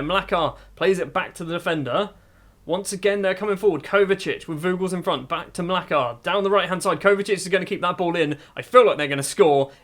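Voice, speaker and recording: A man's voice: high-pitched, a bit bright. A man commentating a football management video game, calling the action play-by-play and musing aloud to his viewers. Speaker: gaming YouTuber.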